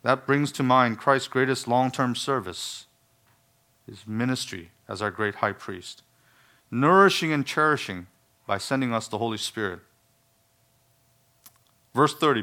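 A man's voice: mid-range voice, animated, measured pace, long pauses, bright, forceful tone. Earnest male pastor preaching. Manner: earnest, emphatic, with asides and humor. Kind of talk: sermon.

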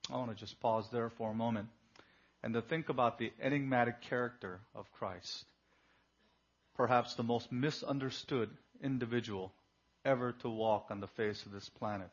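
A man preaching a sermon, reading scripture and swinging between hushed and loud, fervent delivery. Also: mid-range voice, normal speed. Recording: dull lo-fi recording.

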